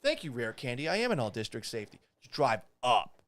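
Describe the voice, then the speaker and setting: A man's voice: sing-song, brisk, few pauses, a bit bright, no room sound, clean studio sound. A young man hosting a podcast, reading items aloud and mocking them in a sarcastic, profane, incredulous way. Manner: profane, jumps up in pitch when exasperated. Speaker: podcast host. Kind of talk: casual commentary.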